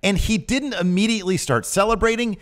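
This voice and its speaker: A man co-hosting a podcast, chatting casually about wrestling and jumping up high when he quotes people. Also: a little fast. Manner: animated, jumps up in pitch when quoting people. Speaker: podcast co-host. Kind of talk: casual wrestling recap chat.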